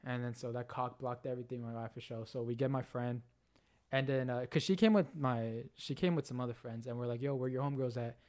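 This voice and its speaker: A young man co-hosting a casual podcast, telling a party story in an animated way, swearing a lot and acting out what people said. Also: mid-range voice, quick pace. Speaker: podcast co-host.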